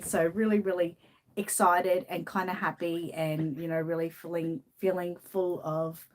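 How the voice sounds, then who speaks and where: A woman's voice: on the low side, a little mellow. A woman from Australia with an Australian accent, hosting a casual live-stream chat, reading out viewer comments and laughing often. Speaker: channel host.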